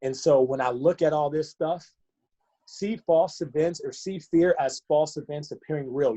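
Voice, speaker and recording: Mellow-voiced earnest male fitness coach. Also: fairly high pitch, moderate pace. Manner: earnest, repetitive rhetorical questions. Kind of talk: motivational talk.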